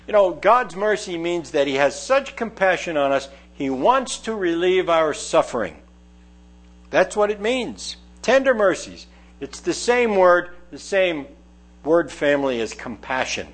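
An older man delivering a folksy sermon, his pitch leaping and falling as he acts out quoted voices. His voice sits a little higher than most men's. He talks in a relaxed, conversational way between scripture readings. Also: normal speed. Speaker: preacher.

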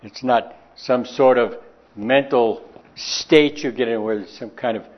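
A man delivers a sermon in a relaxed, folksy manner, as if chatting with his listeners. He draws out important words slowly for emphasis. His voice sits at an ordinary pitch, and the recording sounds dull and lo-fi. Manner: folksy and conversational, slowing to stress key words. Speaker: preacher.

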